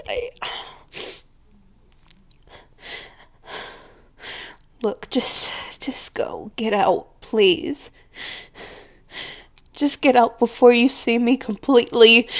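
A possessive, volatile mistress, played by a woman in an audio role-play, speaking straight to the listener. She talks slowly and deliberately, domineering and scornful, and slips now and then into hushed whispers. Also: a little high, natural voice. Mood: pleading, hurt. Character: possessive, volatile woman scolding her pet.

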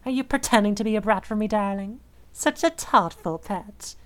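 A young woman voicing an obsessive, possessive dominant woman in an audio role-play, speaking in a soft, slow, teasing murmur. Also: medium pitch, no echo, close to an everyday voice. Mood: possessive, crooning.

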